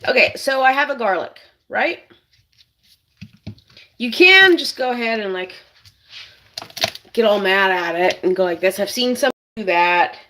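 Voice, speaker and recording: A woman's voice: medium pitch, lively intonation, unhurried, long pauses, pushed and bright, a little hiss or hum, low-quality recording. A woman hosting a casual cooking demonstration in a kitchen, chatting to viewers as she works. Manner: chatty, keeps addressing viewers as "you guys". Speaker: cooking channel host.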